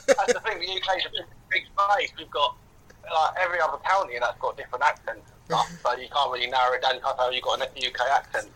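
A man with an Essex accent, a podcast guest chatting in a fast, sweary, joking way over a voice call. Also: mid-range voice, steady tone, noisy background. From England. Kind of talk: casual podcast chat. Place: at home, pacing around.

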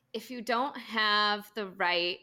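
A woman's voice: mid-range voice, very slow, sharp tone. A woman in her thirties co-hosting a casual podcast, chatty and giggly, with rambling asides. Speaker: podcast co-host. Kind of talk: casual chat.

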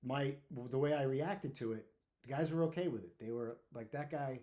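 A man telling his own firehouse story in a blunt, profane, animated way, full of restarts. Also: mid-range voice, moderate pace. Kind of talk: casual storytelling monologue.

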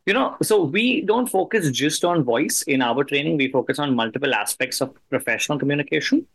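A man hosting an interview, speaking earnestly and a little haltingly as he sets up his questions. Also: fairly high pitch, lively intonation, gravelly, fairly bright tone. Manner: earnest, a bit halting with restarts. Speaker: host. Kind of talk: interview host, conversational.

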